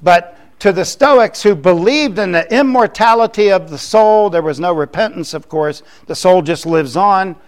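A man's voice: high-pitched, normal speed, hardly any pauses. An older man from Florida, preaching a sermon in a conversational way, with joking asides. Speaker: pastor.

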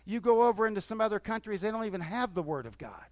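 A middle-aged man preaching a sermon in an easy, talk-to-you way, his fairly high voice climbing with bursts of excitement. The sound is dry and close, with no room around it. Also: fast, no room sound. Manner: conversational preaching with rising bursts of enthusiasm. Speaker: pastor.

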